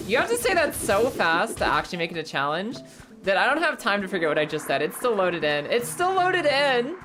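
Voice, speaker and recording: A woman's voice: on the low side, very animated, fast talker. A young woman chatting casually on a live stream, playful, swearing freely and tripping over tongue twisters. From United States. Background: music.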